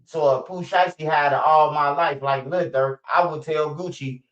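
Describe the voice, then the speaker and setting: A man's voice: on the high side, fairly even intonation, moderate pace, hardly any pauses. A man from Chicago with a Chicago accent, hosting a livestream and giving blunt, profane street-talk commentary. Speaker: livestream host. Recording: muffled lo-fi stream audio.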